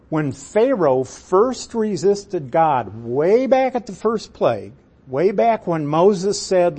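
A man teaching a sermon on a Bible passage, deliberate and emphatic, putting questions to his listeners. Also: a little high, sing-song, a little mellow, breathy edge.

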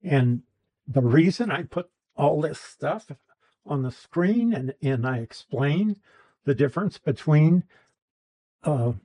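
A man's voice: on the high side, lively intonation, slow pace, dark tone, low-quality recording. A man teaching a Bible class, explaining a verse's grammar patiently with restarts and asides.

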